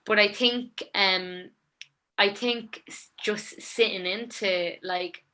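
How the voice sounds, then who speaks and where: A woman's voice: medium pitch, steady tone, slow pace, bright, forceful tone. A young woman with a Dublin accent, talking casually and at length as a guest in an interview, with many fillers. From Ireland. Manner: chatty, rambling, lots of fillers. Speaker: songwriter and guest.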